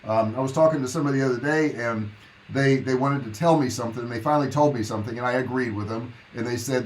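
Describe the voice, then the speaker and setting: Chatty man with a rough morning throat. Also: medium pitch, fast, slight background noise, low-quality recording. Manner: rambling, friendly, chatty with many fillers and asides to viewers. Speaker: online business coach hosting a live Q&A. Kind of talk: casual livestream chat. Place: home office.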